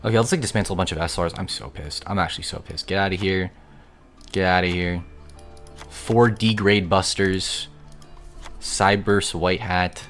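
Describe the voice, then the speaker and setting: A young male streamer with a lowish voice chats through his game, excitable one moment and grumbling the next, with casual swearing thrown in. Faint music plays underneath him. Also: moderate pace. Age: young adult. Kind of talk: live gaming stream chatter.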